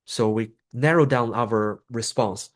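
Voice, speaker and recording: Man explaining calm de-escalation steps. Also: slow pace. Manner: explanatory, acts out example scripts with raised pitch. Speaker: trainer. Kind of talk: professional development lecture.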